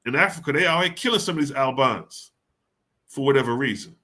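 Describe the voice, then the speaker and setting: A man's voice: medium pitch, fairly quick, pushed and bright. A man reading passages of scripture aloud and then explaining them in casual, slangy, emphatic talk. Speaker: scripture teacher.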